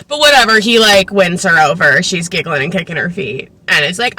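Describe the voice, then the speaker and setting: A woman's voice: mid-range voice, normal speed, pushed and bright, a little hiss or hum, low-quality recording. A young woman casually recapping a novel, chatty and sarcastic, full of "like" and giggling asides. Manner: swears casually. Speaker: book recap vlogger.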